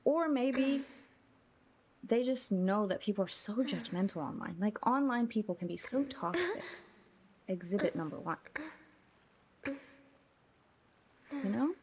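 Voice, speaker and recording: A woman's voice: mid-range voice, expressive, takes it slowly, pauses often, darkish tone, a little hiss or hum. A woman streamer chatting casually with her chat while gaming, musing and talking straight to them.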